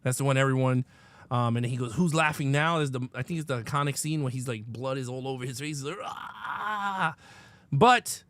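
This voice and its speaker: A man co-hosting a casual live film review, talking fast and loose and laughing a lot. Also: medium pitch, no room sound. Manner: animated, laughing often, reenacts movie lines. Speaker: co-host.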